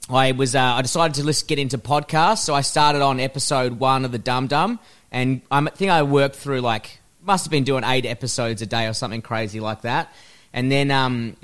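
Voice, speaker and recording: A man's voice: medium pitch, a bit bright. A man, a comedian guest on a podcast, telling stories in a crude, sweary way. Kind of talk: casual comedy podcast chat.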